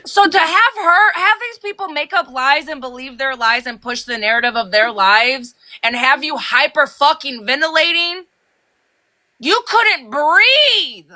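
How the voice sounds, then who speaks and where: A woman hosting a livestream, ranting heatedly and fast, swearing and rising to shouts. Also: high voice. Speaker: livestream host.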